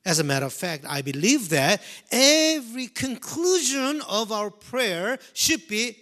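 A man preaching a sermon, swinging from loud emphasis to hushed near-whispers and repeating key phrases slowly. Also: very high-pitched, big pitch swings. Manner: slow, deliberate delivery with repetition.

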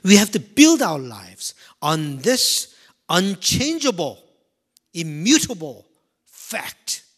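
A man preaching a sermon, swinging from loud emphasis to hushed near-whispers and repeating key phrases slowly. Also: high-pitched, big pitch swings, breathy edge. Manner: slow, deliberate delivery with repetition.

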